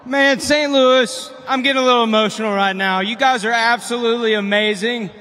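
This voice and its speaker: Excited high-voiced truck driver in arena reverb. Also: male voice, brisk. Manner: excited, shouting thanks. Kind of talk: winner's speech to the crowd. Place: big indoor stadium.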